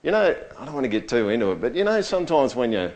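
A man preaching a sermon in a conversational way, often checking in with his listeners and swinging between quiet, low stretches and loud, high bursts. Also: sing-song, fast. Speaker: pastor.

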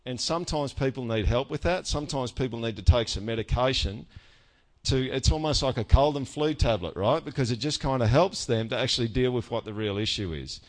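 A male pastor gives a sermon in a loose, conversational style, with a voice of middling pitch. He keeps checking in with his listeners and mixes in self-mocking humor. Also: a little fast. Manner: conversational, frequent "all right?" check-ins.

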